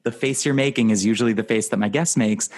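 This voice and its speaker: A man hosting a podcast in casual chat, talkative and quick to laugh. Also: lowish voice, slight background noise. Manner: chatty and laughing often. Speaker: podcast host.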